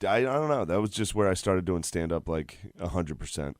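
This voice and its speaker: Deep-voiced laid-back man. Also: lively intonation, brisk, dry recording. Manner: laid-back, chuckling, lots of repeated yeahs. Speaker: comedian guest. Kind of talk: casual podcast chat.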